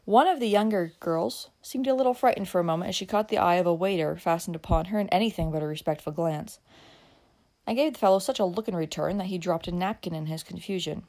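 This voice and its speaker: A woman narrating a classic novel as an audiobook reader, with expressive storytelling. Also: fairly low pitch, fast talker.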